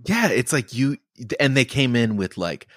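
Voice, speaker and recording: A man's voice: mid-range voice, very animated, normal speed, a bit bright, no room sound, studio quality. A man hosting a podcast, with a laid-back, casual way of talking and casual swearing. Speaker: podcast host. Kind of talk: casual chat.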